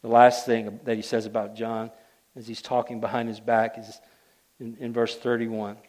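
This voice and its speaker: A male preacher delivers a sermon with a middle-range voice. He builds emphatic, rising statements and then drops suddenly into soft, hushed lines to let a point land. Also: mid-range voice, flat delivery, normal speed. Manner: emphatic, swings between loud declarations and hushed asides.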